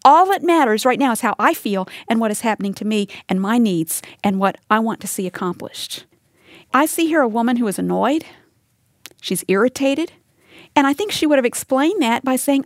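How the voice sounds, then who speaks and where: A woman's voice: a little high, animated, fairly quick, no room sound, clean studio sound. Earnest woman teaching the Bible. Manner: earnest, talks straight to listeners with rhetorical questions. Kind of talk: conversational Bible teaching to a women's audience. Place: live teaching session with women listening.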